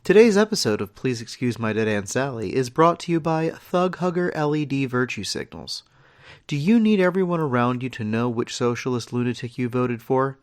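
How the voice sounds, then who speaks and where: Deadpan male podcast host, lively pitch. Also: moderate pace. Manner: dry mock-serious delivery. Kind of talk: deadpan comedy podcast reading.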